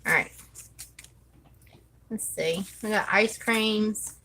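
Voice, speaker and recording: Bright-voiced woman chatting slowly. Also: mid-range voice, low-quality recording. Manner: chatty, thinks aloud, counts under her breath. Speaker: planner vlogger. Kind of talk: casual chat while decorating a planner.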